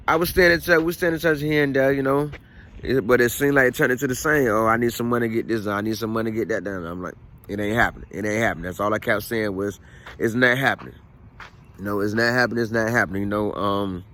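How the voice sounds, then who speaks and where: A man's voice: mid-range voice, sharp tone. Chatty man telling a family story. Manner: conversational, repeats phrases, frequent "you know what I mean". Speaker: vlogger. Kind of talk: casual storytelling vlog.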